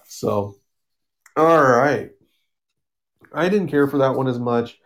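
A man's voice: mid-range voice, takes it slowly, pauses often. A man casually summarizing a comic book story on a podcast, rambling with fillers and acting out the characters' lines. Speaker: podcast co-host.

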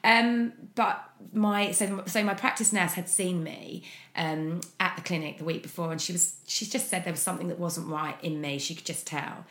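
A woman speaking as an interview guest, frank and open in a candid personal account, often pausing on fillers. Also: fairly low pitch, fairly bright tone. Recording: echoey room.

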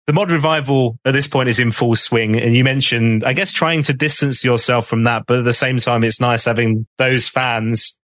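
Man, podcast host, mid pitch, dry close sound, eager questions. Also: a bit bright, no echo. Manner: eager, leading questions, quick reactions. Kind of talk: conversational interview.

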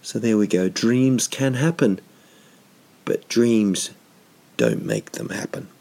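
Gravelly man rambling through comic stories. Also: on the low side, huge pitch swings, slow, darkish tone. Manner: meandering, self-mocking, with asides and restarts. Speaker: stand-up comedian.

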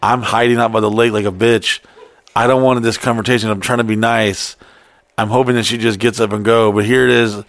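A young man on a podcast telling a long, profane story in a loose, animated way. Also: fairly low pitch, a little fast, no echo. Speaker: podcast co-host. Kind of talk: casual storytelling chat.

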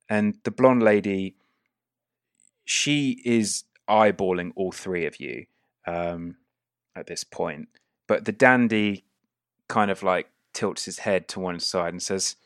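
Slow, low-voiced male game master. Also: smooth, no echo, studio quality. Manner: relaxed, halting with fillers. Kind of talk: narrating a tabletop game.

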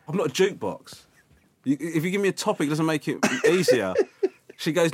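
Male comedian, mid-pitched, lively storyteller, dry close sound. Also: unhurried, no echo. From England. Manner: animated storytelling, acts out other people's lines. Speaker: guest comedian. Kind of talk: casual interview chat.

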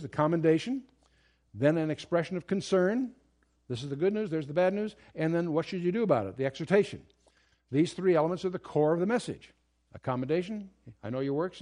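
Male Bible teacher, fairly high voice, emphatic lecturing delivery with frequent restarts. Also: dark tone. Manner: earnest, emphatic, with restarts and asides. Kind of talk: verse-by-verse Bible study lecture.

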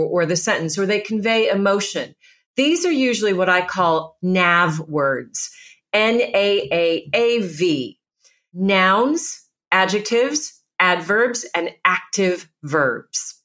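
A woman's voice: medium pitch, fairly bright tone. Middle-aged woman, presence coach, emphatic and instructive; mid-range voice. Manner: emphatic, instructive, lists steps. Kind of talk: podcast interview advice.

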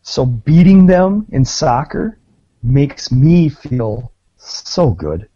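A man's voice: mid-range voice, very animated, very slow, mellow, husky, no echo, muffled recording. A man co-hosting a podcast in casual chat, gloating with profane, gleeful mock-jingoism. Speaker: podcast co-host.

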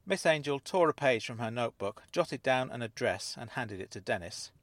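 A man narrating a first-person mystery story in an even storytelling manner. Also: medium pitch, moderate pace, no echo.

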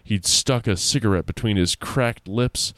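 A man's voice: fairly low pitch, a little slow, a bit bright, no echo. A man reading a spooky story aloud in a casual way, with laughing asides.

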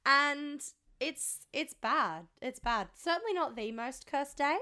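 A woman's voice: sits high, animated, slow, sharp tone. A young woman co-hosting a podcast in casual chat, laughing often and swearing freely. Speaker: podcast co-host.

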